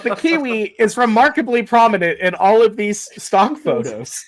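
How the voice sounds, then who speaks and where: A man co-hosting a podcast, making wry, deadpan asides in a casual food-ranking chat. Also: high voice, moderate pace. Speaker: podcast co-host.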